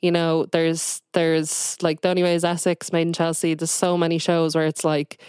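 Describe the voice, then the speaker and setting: Rambling young woman, smooth voice. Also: sits low, level tone, normal speed, a little mellow, no room sound, clean studio sound. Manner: rambling, heavy on "like" and "um". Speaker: guest. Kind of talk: casual podcast chat.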